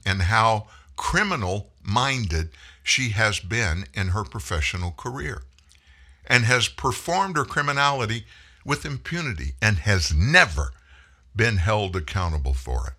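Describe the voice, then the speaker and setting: A man with a low-pitched voice and a sharp, bright edge that cuts through every phrase. He hosts a political monologue in a scornful, folksy way, swinging his pitch up and down as he mocks. His speech lilts widely rather than staying level. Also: slightly rough. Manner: mocking, folksy, scornful asides. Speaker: political commentary host. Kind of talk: opinionated monologue.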